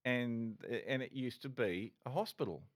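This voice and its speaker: A man's voice: mid-range voice, normal speed. A middle-aged man, a former police officer, telling his story candidly as a podcast guest, swearing and restarting often.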